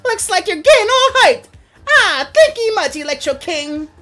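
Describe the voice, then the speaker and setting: A man voicing a hyper, bubbly girl streamer who leads a gym, in a strained high falsetto with sing-song hype over faint music. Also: sing-song, normal speed, pushed and bright, exaggerated voice. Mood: teasing. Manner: shrill, sing-song hype, playful taunts. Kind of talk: reading game dialogue aloud.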